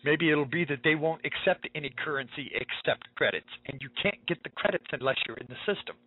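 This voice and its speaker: Husky, emphatic talk radio host. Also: male voice, a little high, fairly quick, no room sound. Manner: emphatic, repetitive, urgent. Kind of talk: preaching talk radio monologue. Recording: tinny phone-like line.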